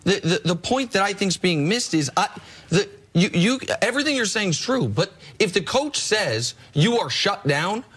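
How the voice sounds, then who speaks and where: A man's voice: high-pitched, big pitch swings, moderate pace, fairly bright tone, husky. A man hosting a sports debate, pushing back and stumbling as he makes his point.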